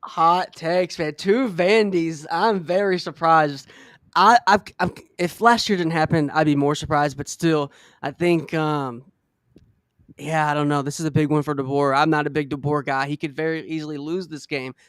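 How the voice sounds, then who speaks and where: A man's voice: on the high side, fairly even intonation, normal speed, a bit bright, dry recording, clean studio sound. A man hosting a casual sports podcast, rambling a bit and saying "man" often. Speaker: podcast host.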